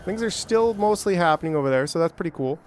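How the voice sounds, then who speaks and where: A man's voice: high-pitched, quick pace, slight background noise. Rambling, jokey man playing a game. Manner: rambling, self-talking, jokey with bursts of excitement. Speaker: gameplay streamer. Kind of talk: casual let's-play commentary.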